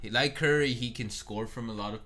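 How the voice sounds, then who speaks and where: A man's voice: medium pitch, brisk, bright, forceful tone. A man co-hosting a sports podcast, talking earnestly and analytically, often hedging and rephrasing. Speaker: podcast co-host. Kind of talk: casual sports chat.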